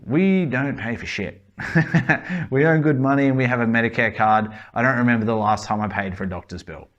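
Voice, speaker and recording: A man with an Australian accent talks plainly and bluntly, swearing freely as he gives his opinions. His voice sits at an ordinary middle pitch. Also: fast talker, a bit bright, lo-fi sound. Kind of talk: casual opinionated talk.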